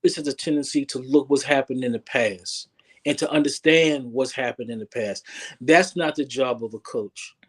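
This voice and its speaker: A man's voice: medium pitch, moderate pace, breathy edge. Earnest male relationship coach. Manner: earnest, repeats words while thinking. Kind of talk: interview guest, casual talk.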